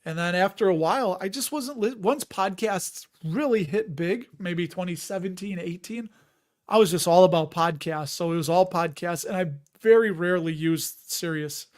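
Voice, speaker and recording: A man's voice: high voice, moderate pace. A man with a Chicago accent hosting a casual live stream, rambling and chatty and often laughing as he reads out viewer comments.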